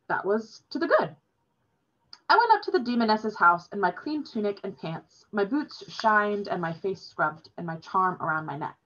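A woman teacher reading a novel aloud in a steady, expressive storytelling way. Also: mid-range voice. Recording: dull lo-fi recording.

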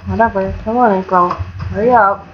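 A young woman giving casual, chatty commentary on her own gameplay, swinging between mock outrage and excited squeals. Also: mid-range voice, normal speed, faint music behind. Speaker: gamer narrating her let's play. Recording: dull lo-fi home mic with faint hiss.

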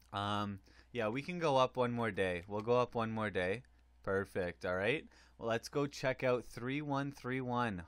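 Man, gaming commentator, excitable and rambling, smooth dry close voice. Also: medium pitch, dry recording. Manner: excitable, rambling, with frequent fillers. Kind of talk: casual hockey game commentary.

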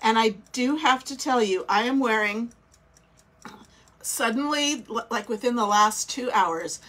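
Woman craft livestream host with a stuffy nose and a slightly high voice, slow, chatty and welcoming. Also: fairly bright tone. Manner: chatty, welcoming, thinks aloud. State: scratchy throat, stuffy nose. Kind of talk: casual live craft demo chat. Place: small indoor craft studio.

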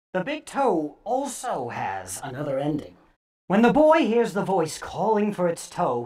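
A woman storyteller reading scary stories aloud theatrically, dropping to hushes and bursting out loud. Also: low voice.

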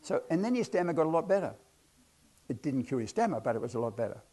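A man's voice: a little high, big pitch swings, fast talker, warm tone, slightly rough. A man giving a hypnotherapy talk to an audience, telling chatty, self-deprecating stories about his cases. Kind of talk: anecdotal lecture to an audience.

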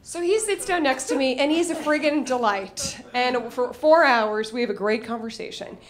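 Woman, young adult, stand-up storyteller, high voice, animated, self-mocking. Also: moderate pace. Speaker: stand-up comedian. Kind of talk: live comedic storytelling.

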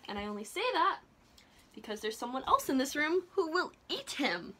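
A woman's voice: high voice, big pitch swings, moderate pace, heavy background noise. A young woman chatting casually in a home vlog, playful and gushing, baby-talking to her pets. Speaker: vlogger.

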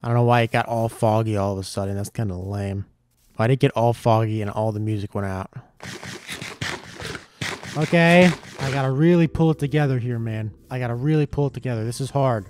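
A man giving casual gameplay commentary, excitable and swearing a lot, yelping when startled. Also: mid-range voice, fairly quick. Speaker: gaming YouTuber.

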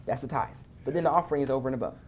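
A man's voice: mid-range voice, rapid-fire, a little hiss or hum. A man, a former pastor turned entrepreneur, talking as an interview guest in an emphatic, preacherly way with churchy affirmations. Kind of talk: casual interview chat.

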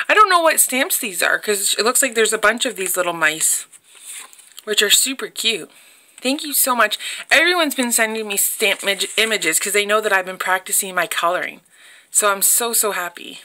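A woman's voice: medium pitch, expressive, moderate pace, bright, forceful tone. A young woman filming a casual craft unboxing on her phone, gushing and chatty as she talks to her viewers. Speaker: craft vlogger. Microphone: phone camera.

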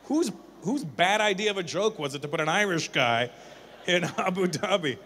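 A male stand-up comedian on a live stage, ribbing audience members with quick, profane teasing. His voice is fairly high and bright, with a forceful edge. Faint noise sits behind him. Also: expressive. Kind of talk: stand-up crowd work.

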